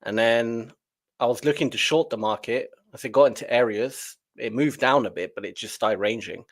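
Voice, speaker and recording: A man, a trading coach, chatting casually on a live stream over a remote call, relaxed and laughing easily. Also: medium pitch, normal speed.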